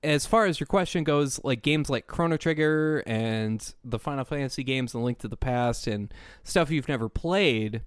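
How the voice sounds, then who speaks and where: A man's voice: medium pitch, moderate pace, smooth, no room sound, clean studio sound. A man co-hosting a gaming podcast, talking in a casual, rambling way full of "like" fillers. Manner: rambling, heavy use of "like" fillers. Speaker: podcast co-host. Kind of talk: casual chat.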